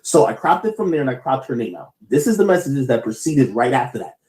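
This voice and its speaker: A man's voice: mid-range voice, big pitch swings, quick pace, darkish tone, echoey room, low-quality recording. Stammering man telling a story on stream. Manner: rambling, stammering, defensive. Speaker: livestreamer. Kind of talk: livestream storytelling.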